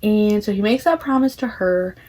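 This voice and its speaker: A woman's voice: medium pitch, normal speed, darkish tone. Chatty young woman summarizing a book plot. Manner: chatty, many "like"s, acting out characters' quotes. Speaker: book vlogger.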